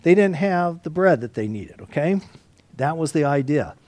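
A man teaching a Bible study, swinging between loud emphasis and hushed asides, with frequent restarts and throat clearing. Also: on the high side, lively intonation, normal speed, no room sound.

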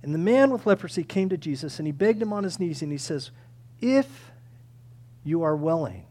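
High-voiced earnest male preacher. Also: lively intonation, fast, a little mellow. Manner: earnest, emphatic, acts out quoted pleas. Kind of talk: sermon.

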